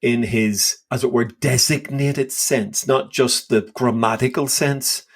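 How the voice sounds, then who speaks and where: A man co-hosting a podcast, talking through Bible passages with lively enthusiasm and emphatic, acted-out quotes. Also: medium pitch, a little slow, husky. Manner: enthusiastic, emphatic, acts out scripture dialogue. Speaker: podcast co-host. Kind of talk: casual Bible discussion.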